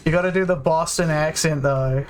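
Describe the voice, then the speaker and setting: Gamer streamer, mid-pitched, casual banter, cusses at the game, self-mocking. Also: moderate pace, slight background noise. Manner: swears freely, joking and self-mocking. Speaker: let's play gamer. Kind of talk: casual gameplay chat.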